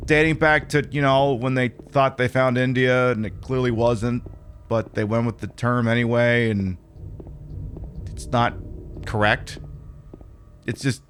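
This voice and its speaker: A man's voice: mid-range voice, level tone, measured pace, long pauses, a bit bright, a little hiss or hum. A man streaming a horror game, chatting casually in a rambling, opinionated way with lots of fillers. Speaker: livestreamer. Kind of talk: casual gameplay commentary.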